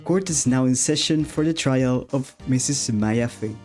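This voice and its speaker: A man's voice: mid-range voice, a little slow, darkish tone, faint music behind, close to an everyday voice. A man voicing an older male judge, reading a game's courtroom lines aloud on stream. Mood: formal.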